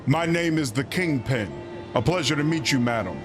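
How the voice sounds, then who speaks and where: A man voicing a formal, courtly gentleman adventurer, reading game dialogue aloud. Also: fairly high pitch, expressive, moderate pace, close to an everyday voice. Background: game music.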